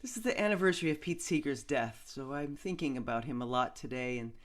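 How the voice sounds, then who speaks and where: A woman guest singer-songwriter casually introducing a song over a video call, speaking haltingly with many pauses. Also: very deep voice, expressive. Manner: halting, with many fillers and restarts.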